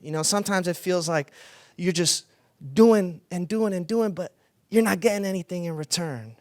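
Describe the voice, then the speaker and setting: A man's voice: high-pitched, moderate pace, darkish tone, no room sound, studio quality. A young adult man preaching a conversational sermon as a pastor, telling stories. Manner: conversational, storytelling with laughs.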